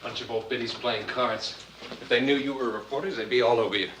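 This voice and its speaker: A man's voice: medium pitch, steady tone, brisk, lightly acted. A man playing a nervous young man who stammers politely while serving drinks, in 1950s film acting. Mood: hesitant. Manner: hesitant, stammering. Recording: old film soundtrack with hiss.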